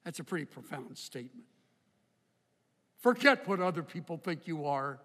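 An older man preaching a sermon in a slow, reflective way, with emphatic rises. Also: on the high side, sing-song, pushed and bright. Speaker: pastor. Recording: hall reverb.

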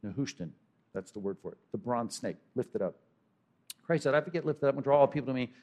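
The recording sounds lo-fi as a male pastor preaches quickly in a mid-range voice. His animated sermon veers from shouted exclamations to whispered asides, with questions aimed at the congregation.

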